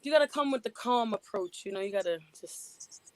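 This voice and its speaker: A woman's voice: on the high side, lively intonation, fairly quick, no room sound. A woman with a New York accent, a rapper guest in a casual radio interview, chatty and laughing often. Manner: chatty, laughs often, many "you know"s. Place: radio studio.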